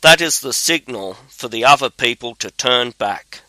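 A man's voice: mid-range voice, expressive, normal speed, sharp tone, no echo. A man reading the lines of a huge, boastful male giant who turns wary.

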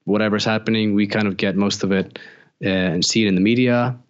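A man from Iceland answers as a guest in a relaxed chat, speaking easily in a low voice. His audio is dull and lo-fi, as if it came over a call. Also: brisk, smooth. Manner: relaxed, easygoing, with short agreeing replies. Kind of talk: casual conversational interview.

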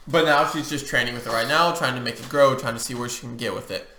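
Joking man with a bright voice. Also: medium pitch, fast talker, echoey room, slight background noise. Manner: loose and joking. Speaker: podcast co-host. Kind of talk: casual chat.

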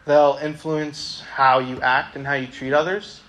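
A man's voice: on the high side, little pitch movement, measured pace, fairly bright tone. A young man giving a casual, conversational sermon to a youth group, reading a Bible passage aloud. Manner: casual, conversational, many ums.

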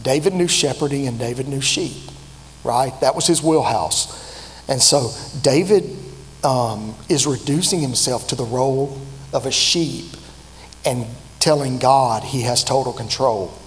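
A middle-of-the-range male voice delivers a sermon as a man in his fifties. He talks in a personal, conversational way, pausing and restarting often. The room rings with a long reverb, and a faint hum sits underneath. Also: medium pitch. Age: 50s. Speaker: preacher.

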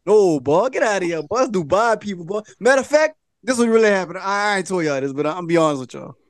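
A man hosting a podcast, telling a story in a loose, animated way and laughing often. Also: high voice, fast talker, dry recording, studio quality. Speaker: podcast host. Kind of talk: casual podcast chat.

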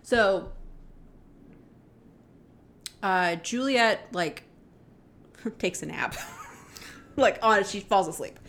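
Speaking slowly in a mid-range, fairly bright voice, a woman co-hosts a podcast and casually retells a true-crime case. She chats along with plenty of "like" and "um" fillers, reading out text messages and introducing them with "she goes."

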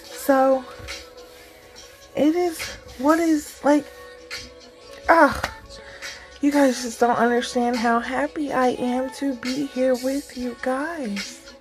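Slow encouraging woman podcaster, fairly high voice, bit of music under it. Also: steady tone, poor audio. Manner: warm, encouraging, rambling with many fillers. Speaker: podcast host. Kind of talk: casual heartfelt talk.

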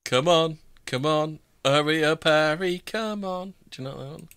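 A man's voice: on the high side, moderate pace, a bit bright, clear, resonant tone, no room sound. A man hosting a casual singalong on a group voice call, joking, swearing and half-singing along. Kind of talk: casual banter and pub singalong. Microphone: home computer mic on a voice call. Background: music playing.

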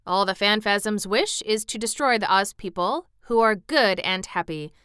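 A woman's voice: medium pitch, moderate pace, sharp tone, clear, resonant tone, no echo, studio quality, close to an everyday voice. A woman reading as a boastful gnome general. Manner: proud, emphatic delivery. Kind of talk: storybook reading aloud.

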